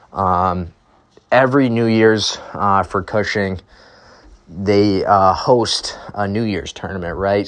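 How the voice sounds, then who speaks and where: A young man hosting a podcast, telling a casual, rambling story and often tagging his sentences with "right?". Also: lowish voice. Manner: rambling, tags lines with "right?". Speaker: podcast host.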